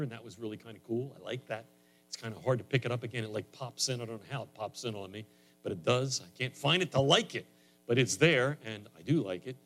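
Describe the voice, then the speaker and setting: Man preaching in a conversational way. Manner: conversational preaching that swells louder and higher on emphatic lines. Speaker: pastor. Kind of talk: sermon.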